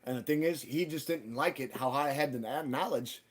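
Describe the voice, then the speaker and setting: A man hosting a live stream, ranting in casual, profane talk and jumping loud and high when he quotes people. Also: moderate pace. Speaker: livestream host.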